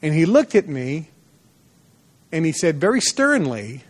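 A man lecturing at a motivational seminar, his voice sitting a little higher than most men's. He tells his stories with animation and slips into lively voices for the people in them. He speaks to a live audience in a seminar room. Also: a little slow, pauses often. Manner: animated storyteller, acts out dialogue in a lively voice.

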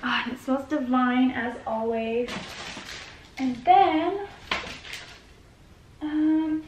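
Unhurried chatty woman vlogger at home, gushing, echoey room with faint hiss. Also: sits high. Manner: gushing, chatty, lots of fillers. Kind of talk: casual unboxing chat. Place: her home.

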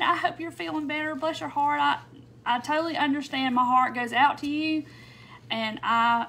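Woman with a high, bright voice, hosting a craft livestream; casual and chatty, greets everyone by name. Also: unhurried, pauses often, slight background noise. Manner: chatty, warm welcomes, frequent little laughs and "um"s.

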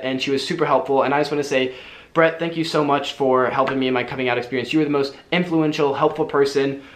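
Fast-talking young man in echoey room. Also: mid-range voice, fairly bright tone, slight background noise. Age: young adult. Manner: fast, earnest, filler-heavy with frequent "like". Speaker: vlogger. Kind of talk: personal storytelling to camera.

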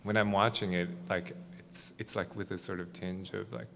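A man's voice: deep voice, fairly even intonation, moderate pace, creaky, fairly bright tone. A man moderating a discussion at a screening, hesitant and searching for words. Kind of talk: casual conversation at a screening. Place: art gallery. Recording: reverberant gallery space with faint noise.

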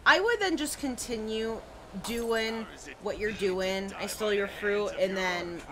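A woman's voice: mid-range voice, unhurried, crowd noise. A woman streaming a horror game live, reacting with jumpy, frightened exclamations and casual chat. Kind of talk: live gameplay commentary.

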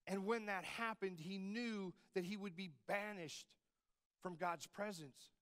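A man's voice: sits high, steady tone, measured pace, fairly bright tone. A man preaching a sermon as campus pastor, in a conversational style with frequent rhetorical asides to the congregation.

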